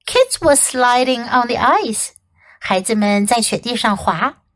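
A woman English teacher reading a children's story aloud in an expressive, clearly enunciated voice. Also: fairly high pitch, measured pace.

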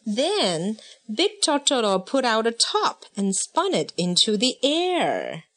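A woman's voice: a little high, wildly swooping pitch, takes it slowly, a bit bright. A woman reading a picture book aloud in a playful way, chanting the sound effects. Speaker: storybook reader.

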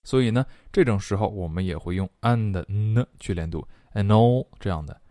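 A man leads an online English lesson in a low, dark voice. He explains quickly, then repeats each phrase slowly for learners. The recording is dry and close. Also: no echo. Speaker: English pronunciation and singing teacher.

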